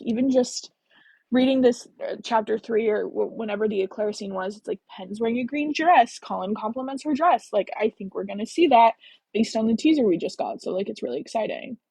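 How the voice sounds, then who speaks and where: Husky-voiced young woman chatting on a live stream. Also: medium pitch, dark tone, no room sound. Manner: chatty, gushing, slangy. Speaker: book reader and live streamer. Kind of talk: casual reading and chat on a live stream. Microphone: phone.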